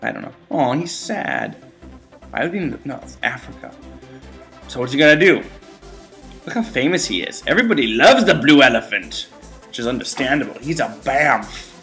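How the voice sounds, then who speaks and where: A young man giving casual let's-play commentary, excitable and easily frustrated, talking back at the game and to his viewers. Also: medium pitch, moderate pace, creaky, long pauses, faint music behind. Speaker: gaming channel host.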